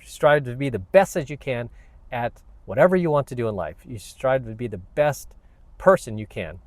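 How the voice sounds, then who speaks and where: A man's voice: mid-range voice, lively intonation, moderate pace, dry recording. Blunt, combative man ranting to camera. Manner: blunt, combative and preachy, many "you know what"s. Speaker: vlogger, self-help channel host.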